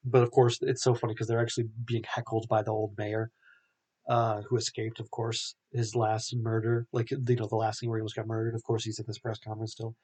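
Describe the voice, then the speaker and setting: A man's voice: lowish voice, monotone, a little fast, darkish tone, husky. A young man hosting a podcast, recapping a film in a rambling, casual way full of filler words. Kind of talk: casual chat.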